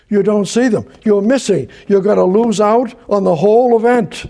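A man's voice: high-pitched, normal speed, gravelly, mellow. An older man teaching verse by verse from the Bible, rambling and repeating himself as he paraphrases scripture. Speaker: preacher.

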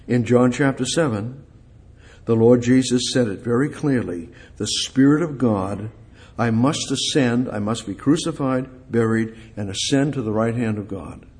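Man, preacher, husky voice, emphatic, repeats words, sermon. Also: normal speed. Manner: emphatic, repetitive, rising to loud high peaks. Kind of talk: sermon, Bible exposition.

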